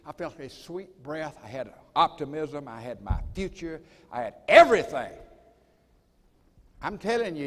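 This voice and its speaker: An older man telling a folksy, emphatic story as a speaker at a college assembly. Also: a little high. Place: school assembly hall. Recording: long reverb of a large hall.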